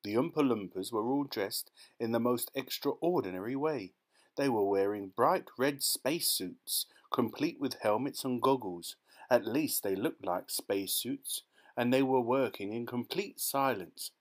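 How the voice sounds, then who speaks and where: A man narrating a children's storybook in a lively, expressive manner. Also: mid-range voice, unhurried. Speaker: audiobook narrator.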